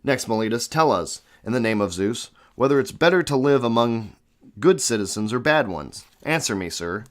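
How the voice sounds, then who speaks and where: A man's voice: medium pitch, expressive, normal speed. A man reading a classic philosophical dialogue aloud, with an earnest, questioning delivery and the odd restart. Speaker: reader of classic texts.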